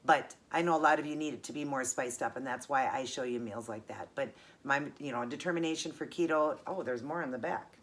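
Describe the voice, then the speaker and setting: A woman's voice: a bass voice, fairly quick, few pauses. A middle-aged woman vlogger chatting casually and earnestly as she unboxes gifts, gushing and emotional.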